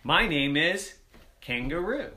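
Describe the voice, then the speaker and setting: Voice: mid-range voice, sing-song, slow, bright, forceful tone, slight background noise, voice pushed up, heavily acted. A storyteller voicing a big, friendly kangaroo who guards a castle, talking in a bouncy, cheerful way in a bedtime story.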